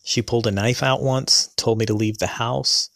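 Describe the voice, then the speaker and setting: A man's voice: medium pitch, steady tone, normal speed, vocal fry, a bit bright, no echo, clean studio sound. A man in his thirties telling a personal story to his audience, rambling, with many fillers and restarts. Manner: rambling, full of fillers and self-corrections.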